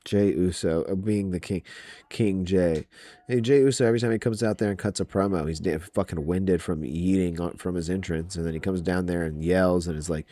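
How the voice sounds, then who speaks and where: A man's voice: deep voice, a little fast, mellow, no echo. A man hosting a wrestling podcast, ranting about match predictions in a profane, exasperated way.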